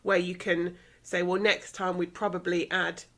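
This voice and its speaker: A woman co-hosting a podcast, chatting casually and sharing anecdotes, quick to laugh. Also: on the low side, flat delivery, a bit bright. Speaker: podcast co-host. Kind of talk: casual chat.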